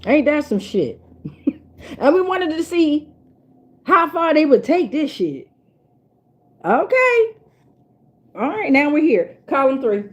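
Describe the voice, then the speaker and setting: A woman's voice: sits high, very animated, normal speed, dull audio. A woman giving a casual spiritual tarot reading in a blunt, profane and preachy way, repeating lines for emphasis. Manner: emphatic, repeats herself for weight. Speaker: tarot reader.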